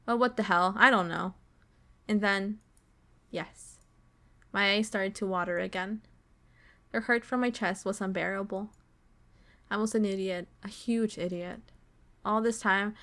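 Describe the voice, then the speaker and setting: A woman's voice: mid-range voice, fairly even intonation. Woman streamer reading a visual novel aloud. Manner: swears and reacts loudly between slow dramatic reading. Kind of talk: reading game text aloud with live reactions.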